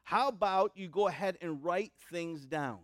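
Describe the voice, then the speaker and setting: A man's voice: sits high, moderate pace, a bit bright, no room sound, clean studio sound. A man doing a breezy reassuring doctor. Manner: easygoing, advising. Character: reassuring male doctor, matter-of-fact.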